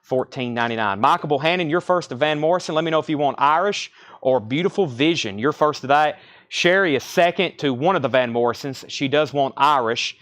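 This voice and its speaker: A man hosting a live-streamed record sale, listing records and prices in rapid, brisk sales patter. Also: fairly high pitch, fairly bright tone. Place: record store.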